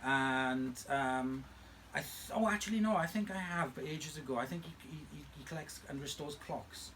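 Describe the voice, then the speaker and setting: A man's voice: on the high side, normal speed, fairly bright tone, slight background noise. A man hosting a vacuum restoration channel, chatting casually from home in a playful, teasing way. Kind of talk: casual chat. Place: home room.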